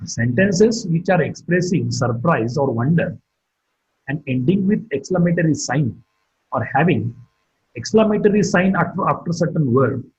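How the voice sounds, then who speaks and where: Guy teaching phonetics online, kinda breathy husky voice, muffled lo-fi mic. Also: fairly high pitch, darkish tone. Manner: repeats example sentences, stressing the final word. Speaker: phonetics lecturer. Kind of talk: slow, deliberate online lecture. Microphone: computer or phone mic for online class. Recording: dull, muffled lo-fi audio.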